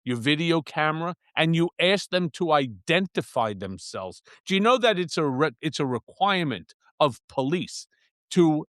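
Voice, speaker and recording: A man's voice: fairly high pitch, moderate pace, no echo, clean studio sound. A middle-aged man chatting as a guest on a political talk show, telling stories with lots of swearing and laughter. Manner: animated storyteller, swears freely, laughs at his own stories. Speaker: guest commentator. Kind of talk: casual political chat.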